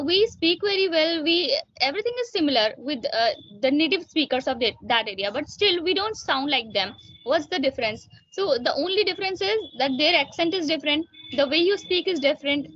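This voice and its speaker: Young woman student, high pitched, pauses a lot with fillers, dry dull call sound. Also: a bit bright, no echo. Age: young adult. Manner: speaks carefully with frequent filler pauses. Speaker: student learner. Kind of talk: casual practice conversation. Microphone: online voice call.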